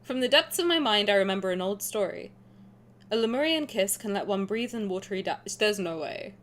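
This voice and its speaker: With a medium-pitched voice and a brisk pace, this young streamer reads a story game's narration out loud. She chats and reacts animatedly, often breaking into laughter.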